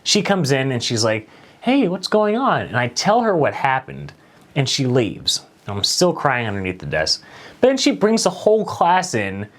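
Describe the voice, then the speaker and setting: A man's voice: medium pitch, wildly swooping pitch, normal speed. A man hosting a late-night show, telling a personal story in a conversational, self-deprecating way.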